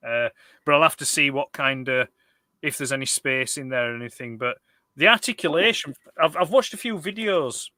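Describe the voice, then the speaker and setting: A man's voice: medium pitch, normal speed, pushed and bright, no room sound. A man co-hosting a casual chat about toys, rambling with many restarts. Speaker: co-host of a toy collector chat.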